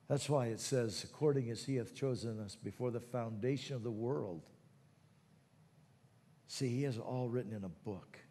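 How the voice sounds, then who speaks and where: A man preaching a sermon, moving between quiet teaching and loud, fervent calls to prayer. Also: medium pitch, normal speed, in a large hall. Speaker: pastor.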